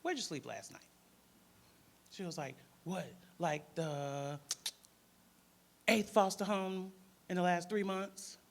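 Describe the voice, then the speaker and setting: A man's voice: high-pitched, takes it slowly, vocal fry, long pauses. A man with a Detroit accent, a panelist and former crisis worker, telling a story in casual speech and acting out the voices of the people in it.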